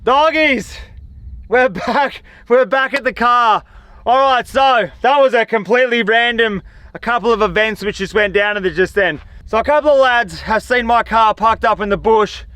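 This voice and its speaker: A man with an Australian accent vlogging outdoors in the desert, talking in a chatty, slangy, excitable way. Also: very high voice, normal speed, no room sound. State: tired. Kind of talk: casual outdoor vlog talk. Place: outdoors in desert dunes and scrub.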